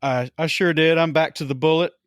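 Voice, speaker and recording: A man's voice: a little high, steady tone, a little fast, clean tone, dry recording. A man hosting a casual hobby podcast, talking in a laid-back way with dry humor. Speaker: podcast host.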